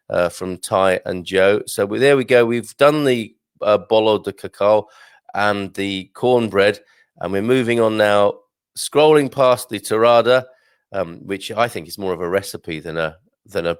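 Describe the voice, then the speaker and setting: A man's voice: on the low side, smooth, dry recording, clean studio sound. A man hosting a casual live stream, chatting and reading aloud with rambling asides. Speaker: host.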